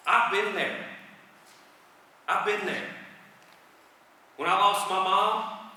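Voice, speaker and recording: Earnest preacher in an echoey hall. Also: male voice, fairly high pitch, sharp tone, distant mic, slight background noise. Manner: earnest, repeats phrases, slows for emphasis. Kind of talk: sermon. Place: church hall.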